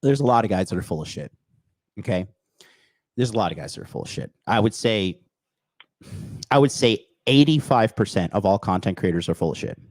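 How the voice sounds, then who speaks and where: A man's voice: fairly low pitch, lively intonation, brisk, long pauses, no echo. A man hosting a call-in dating advice show, talking bluntly and profanely in a lecturing way. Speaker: dating coach host.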